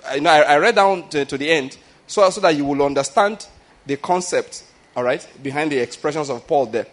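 A male pastor delivers an unscripted sermon, his voice sitting a little high for a man. He talks to the congregation rather than at them, checking in with questions and doubling back on his words as he goes. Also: fairly quick. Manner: conversational preaching, frequent rhetorical questions and restarts.

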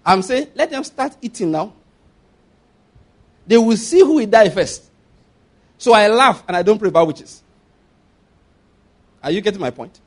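High-voiced emphatic preacher man. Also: expressive, unhurried, long pauses. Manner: emphatic, repeats phrases, asks listeners if they follow. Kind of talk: sermon.

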